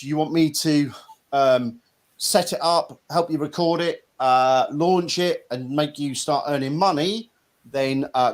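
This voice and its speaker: A middle-aged man from Norfolk, England, hosting a casual live-stream chat in a blunt, chatty way with some mild swearing. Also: fairly high pitch. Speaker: host.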